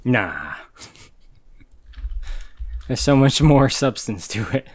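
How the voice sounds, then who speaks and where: A man's voice: medium pitch, sing-song, takes it slowly, slightly rough. A young man co-hosting a podcast, chatting casually and quoting other people in put-on voices. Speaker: podcast co-host. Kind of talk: casual chat.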